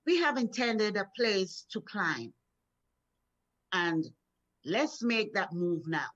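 A woman's voice: mid-range voice, big pitch swings, slow pace, fairly bright tone. A middle-aged woman minister from Florida preaches a devotional sermon, encouraging her listeners and telling stories from her own life. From Florida, USA. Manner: encouraging, storytelling, repeats words when building up. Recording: dull lo-fi sound.

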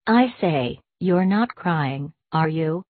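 Woman reading a warm, loving young brother. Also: sits low, lively intonation, slow pace, dry recording, exaggerated voice. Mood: gentle. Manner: gentle, caring. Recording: tinny phone-like dry sound.

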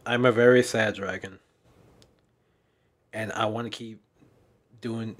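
A young man talking candidly in a personal vlog, weary and emotional, speaking haltingly with sighs and repeated restarts. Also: lowish voice, a bit bright, breathy edge. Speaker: fan dub director and content creator.

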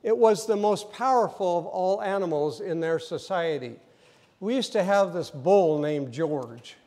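A pastor preaches a sermon in a church sanctuary, his voice sitting high and measured in pace within the large hall. He tells the story vividly, acts out scenes, and sometimes rises to loud emphasis.

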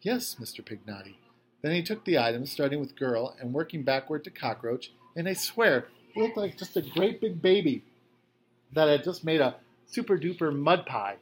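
A man's voice: on the high side, expressive, normal speed, a little hiss or hum. A man, a teacher, reading a novel aloud to his class in a casual, conversational voice. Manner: casual, conversational first-person narration.

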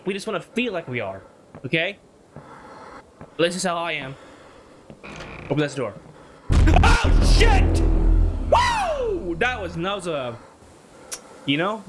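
A man's voice: sits high, sing-song, moderate pace, pauses often, a bit bright, soft background music. A man giving nervous commentary while playing a horror game, muttering repeated worries and breaking into sudden yelps. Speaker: gaming YouTuber.

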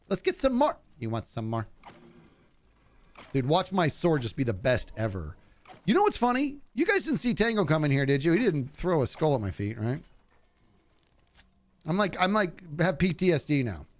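Gaming streamer, male, slightly high voice, very animated delivery, casual jokey commentary, faint music bed. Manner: animated, jokey, talks to game enemies. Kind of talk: casual live game commentary.

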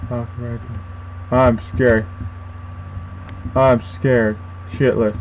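A man's voice: fairly high pitch, a little slow, long pauses, low-quality recording. A young man commentating a horror game as he plays, frightened, swearing and talking to himself. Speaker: gaming YouTuber.

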